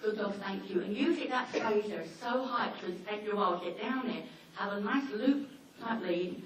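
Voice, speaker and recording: A woman talking informally to a seminar audience about dogs, chatty and anecdotal, slipping into quick acted-out asides. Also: medium pitch. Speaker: dog behaviour trainer giving a seminar. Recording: echoey hall, mic far off, faint noise.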